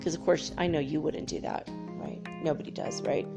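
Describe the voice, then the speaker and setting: A woman in her fifties hosting a casual spiritual chat show, telling stories in a chatty, animated way and laughing often. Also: low voice, fairly quick, creaky, over music. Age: 50s. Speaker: host.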